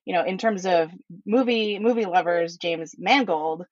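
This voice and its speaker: A woman podcast host with a lowish voice speaks a little slowly in a casual, thoughtful chat, hesitating often with fillers. The recording has no room sound and a slightly dull lo-fi quality.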